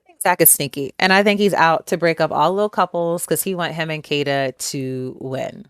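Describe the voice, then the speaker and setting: A woman's voice: deep voice, normal speed, clean tone, no room sound, clean studio sound. A woman co-hosting a casual chat, giving candid, matter-of-fact opinions. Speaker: podcast co-host.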